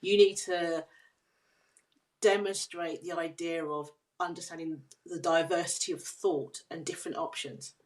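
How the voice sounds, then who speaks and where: Woman, lowish voice, earnest and measured podcast guest. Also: steady tone. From United Kingdom. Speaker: guest, leadership consultant. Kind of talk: podcast interview.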